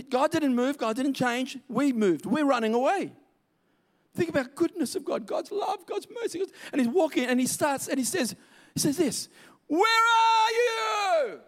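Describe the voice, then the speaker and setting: A man preaching a sermon in an emphatic, repetitive way, drawing out key words. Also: very high voice.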